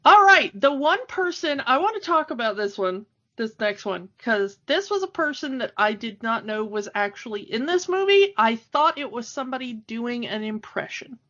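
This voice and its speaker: A woman co-hosts a podcast in loose, chatty conversation, laughing often between thoughts. Her voice sits a bit high. The audio is somewhat dull and lo-fi. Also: animated, moderate pace, sharp tone. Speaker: podcast co-host. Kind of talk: casual chat. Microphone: home microphone, remote call.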